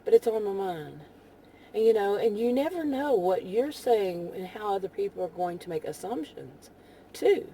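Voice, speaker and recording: A woman with a Texan accent rambling casually in a vlog while driving, full of "you know" fillers and soft laughs. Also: medium pitch, animated, normal speed, slight background noise. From Texas. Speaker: vlogger.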